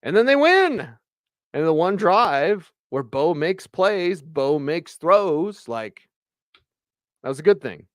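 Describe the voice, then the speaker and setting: A man hosting a live postgame sports show, reading viewer comments in excitable, chatty bursts. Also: a little high, takes it slowly, no echo, studio quality. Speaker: sports radio host.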